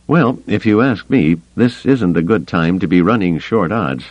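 A man voicing a gruff, sardonic middle-aged smuggler pilot who growls his blunt remarks, in an audiobook. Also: low-pitched, expressive, normal speed, darkish tone, no room sound, highs cut off, voice pushed up. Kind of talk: audiobook character voice.

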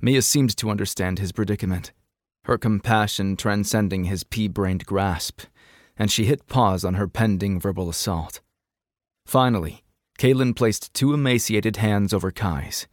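Low-voiced male audiobook narrator. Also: no room sound, clean studio sound. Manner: measured, dramatic storytelling. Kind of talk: scripted narration.

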